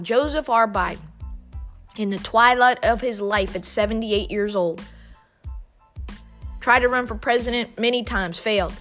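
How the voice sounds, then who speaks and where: A woman's voice: mid-range voice, fairly bright tone. A woman as a political commentator, giving an impassioned monologue in a fervent, preacher-like cadence full of repetition.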